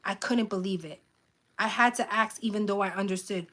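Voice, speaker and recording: A woman's voice: mid-range voice, fairly quick, a bit bright. Woman reading a memoir aloud live. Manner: reads with stumbles and self-corrections; earnest pleas to viewers, frequent "um". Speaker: channel host reading a book aloud.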